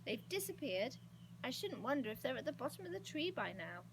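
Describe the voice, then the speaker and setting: A woman's voice: high voice, big pitch swings, a little fast, noisy background. A woman voicing a patient, sensible young boy in a storybook. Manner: patient, firm.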